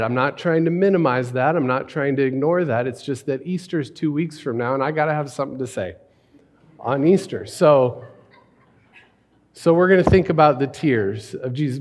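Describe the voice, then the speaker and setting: A man preaching a sermon in a conversational, questioning way, dropping to a hush on key words. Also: fairly high pitch. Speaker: pastor.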